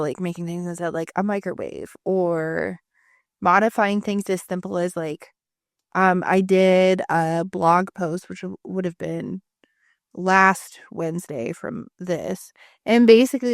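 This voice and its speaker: A woman's voice: on the low side, no echo, clean studio sound. A woman in her thirties co-hosting a podcast, telling stories in a chatty way with lots of fillers. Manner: chatty, storytelling, many fillers. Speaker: podcast co-host. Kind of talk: casual chat.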